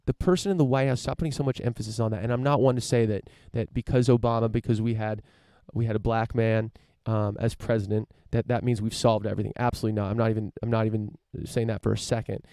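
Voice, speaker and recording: Gravelly, low-voiced man ranting casually. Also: steady tone, fast talker, few pauses, warm tone, no room sound, studio quality. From United States. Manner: rambling, many fillers and restarts, swears casually. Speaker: podcast host. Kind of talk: casual opinion monologue.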